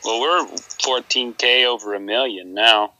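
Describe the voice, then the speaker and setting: A man's voice: mid-range voice, measured pace, sharp tone, poor audio. A man joining a gaming stream call, chatting casually and teasing the host. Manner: joking, teasing.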